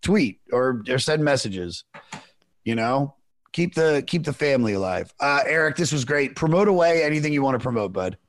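A man's voice: mid-range voice, lively intonation, moderate pace. A man hosting a podcast in loose casual chat, full of swearing and "dude". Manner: loose, profane, says "dude" a lot. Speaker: podcast host.

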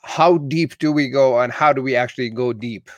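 A man hosting an interview, asking questions and chiming in with quick agreement. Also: medium pitch, no room sound. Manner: short prompts and quick agreement. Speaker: podcast host.

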